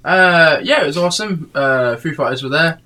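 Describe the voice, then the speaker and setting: A man's voice: on the high side, lively intonation, normal speed, bright, forceful tone. A man, tired, telling a rambling story in a casual chat full of fillers and swearing.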